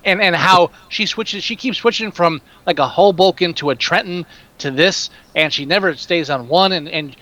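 A man's voice: sits high, moderate pace, bright, forceful tone, muffled recording. A man chatting casually on a podcast with a New Jersey accent, rambling with frequent restarts and mocking asides. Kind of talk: casual chat.

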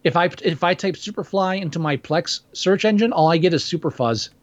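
A man chatting casually about films, animated, with frequent restarts and swearing. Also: high-pitched, fairly quick. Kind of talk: casual chat. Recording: dull lo-fi sound.

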